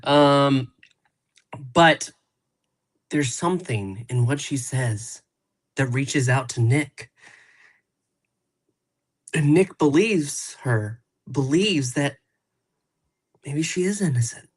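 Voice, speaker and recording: Man, mid-pitched voice, guest reviewer, rambling casual recap. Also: lively intonation, slow, long pauses, rough recording. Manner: meandering recap with many fillers.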